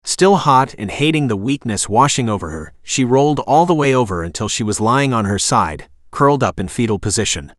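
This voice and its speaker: A synthetic male text-to-speech voice doing scripted audiobook narration, with an expressive reading. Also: medium pitch, brisk, few pauses, no echo, clean studio sound.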